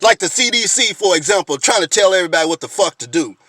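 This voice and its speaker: A man with a very high-pitched voice rants straight into a close mic, blunt and fired up. His speech is profane and insistent, packed with rhetorical questions. The room is dry with no echo. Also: lively intonation, quick pace, pushed and bright. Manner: blunt, fired-up, profane, keeps repeating "you know what I mean". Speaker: video blogger. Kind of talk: impassioned direct-to-camera rant.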